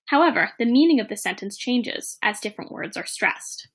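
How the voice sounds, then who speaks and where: A woman presenting a teaching plan in a measured, read-aloud narration. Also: a little high.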